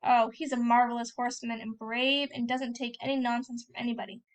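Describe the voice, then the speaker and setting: A woman's voice: a little high, level tone, brisk, clear, resonant tone, natural voice. A woman voicing a hotheaded young man, an older brother and soldier who is boastful and easily exasperated, as she reads a novel aloud. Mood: cocky.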